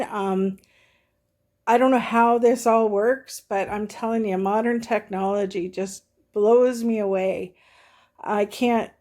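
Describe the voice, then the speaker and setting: A woman's voice: on the high side, warm tone. A middle-aged woman talking in a casual, rambling vlog review, short of breath and full of fillers and restarts. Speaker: vlogger reviewing a product.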